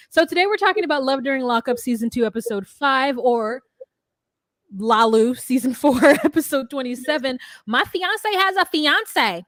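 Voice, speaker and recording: A woman's voice: high-pitched, lively intonation, moderate pace, a bit bright, no room sound, clean studio sound. A woman co-hosting a casual reality TV podcast, blunt and profane, acting out the scenes she retells. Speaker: podcast co-host. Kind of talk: casual chat about reality TV.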